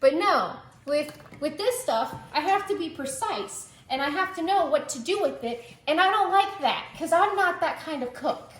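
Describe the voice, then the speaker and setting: A woman's voice: high voice, animated, normal speed, hardly any pauses, reverberant. A woman hosting a casual cooking vlog from her home kitchen, joking around and filling her talk with "like". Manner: chatty, joking, lots of "like" fillers.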